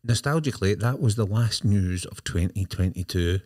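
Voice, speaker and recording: A man's voice: fairly low pitch, lively intonation, normal speed, darkish tone, slightly rough. A man hosting a podcast in a laid-back, casual way. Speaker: podcast host. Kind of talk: casual chat.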